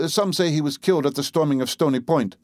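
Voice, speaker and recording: A man's voice: a little high, fast, no echo, studio quality, voice pushed up, close to an everyday voice. A man voicing an old villager who answers questions in a plain, matter-of-fact way.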